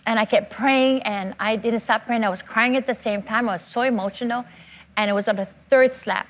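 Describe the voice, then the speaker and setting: A woman's voice: fairly high pitch, steady tone, a little fast. Older woman giving a fervent testimony. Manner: fervent, emotional storytelling with repetition. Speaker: church member giving testimony. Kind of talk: personal testimony interview.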